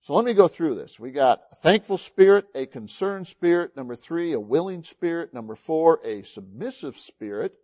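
Animated preacher man, lo-fi recording. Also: fairly high pitch, moderate pace, few pauses. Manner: animated preaching, swinging between loud emphasis and quiet asides. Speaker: pastor. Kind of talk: sermon.

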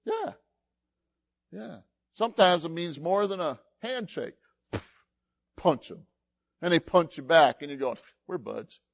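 A man preaching a sermon, folksy and animated, telling stories and quoting scripture. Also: a little high, measured pace, gravelly, long pauses, dry recording, highs cut off. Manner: animated, folksy storytelling with laughs and quoted voices. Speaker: pastor.

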